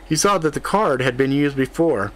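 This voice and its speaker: A man narrating a fantasy audiobook in a steady, even reading voice. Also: mid-range voice, moderate pace.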